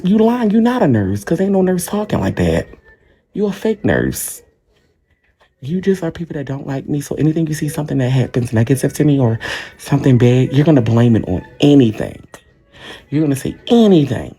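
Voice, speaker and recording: Husky-voiced man ranting defensively on a livestream. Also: fairly high pitch, very animated, moderate pace, warm tone. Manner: defensive, repetitive, addressing commenters directly. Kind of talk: emotional livestream rant. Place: hospital room.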